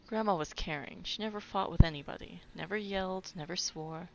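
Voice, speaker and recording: A woman's voice: fairly low pitch, fairly quick, creaky, a little mellow, a little hiss or hum. A woman playing a video game who reads its text aloud and breaks off into playful, chatty asides. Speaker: let's play gamer. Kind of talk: reading game text aloud with casual commentary. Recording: dull recording with game music.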